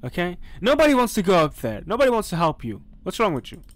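A man's voice: high voice, wildly swooping pitch, quick pace, no room sound. A young man playing a horror game and commentating, jumpy and talking back to the characters on screen. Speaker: gaming channel host. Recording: faint background noise.

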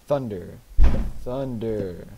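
A man's voice: fairly low pitch, very slow, vocal fry. A man giving let's play commentary at his computer, muttering and reading game words aloud as he types. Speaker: gaming channel host. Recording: loud background noise.

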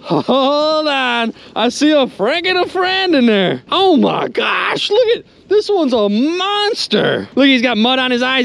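A man vlogging from a small boat on a river outdoors, talking excitedly to viewers with loud exclamations and lots of "dude" and "you guys". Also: very high-pitched, measured pace, creaky, hardly any pauses. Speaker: magnet fishing vlogger. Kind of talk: excited outdoor vlog commentary.

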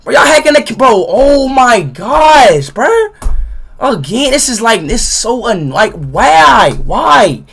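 High, bright, excitable young male streamer. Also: slow, vocal fry, breathy edge. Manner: excitable, exasperated, profane, bursts into shouting. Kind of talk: live game-stream commentary.

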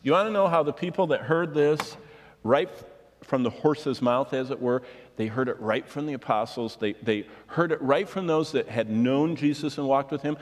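A man's voice: medium pitch, normal speed, long reverb tail. A man preaching a sermon, reading scripture and pressing his points with rhetorical questions. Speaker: pastor.

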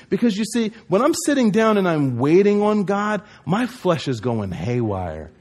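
A pastor from New Jersey preaching a conversational sermon, acting out quoted voices and rising to emphatic peaks. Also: male voice, mid-range voice, big pitch swings, moderate pace, few pauses, a little mellow.

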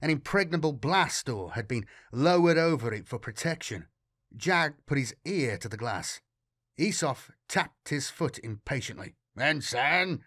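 A man reads a dark science-fiction audiobook with lively, animated pitch movement and a steady storytelling pace. The recording is dry and close, with no room sound. He sounds engaged in the story, mid-pitched. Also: unhurried, no echo. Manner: expressive storytelling reading. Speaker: audiobook narrator. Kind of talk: scripted narration.

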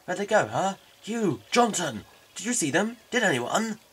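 A man's voice: high voice, big pitch swings, moderate pace, a bit bright, slight background noise, pitched above the performer's own voice. A man voicing a bossy villain commander who barks at his underlings in a game. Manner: barking orders.

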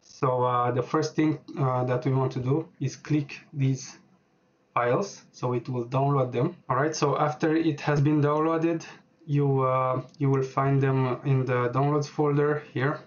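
A man walking through a software setup on screen, speaking hesitantly with many filler words as he types. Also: medium pitch, steady tone, a little slow, muffled recording. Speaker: programming tutorial host. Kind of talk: screen-recorded software tutorial.

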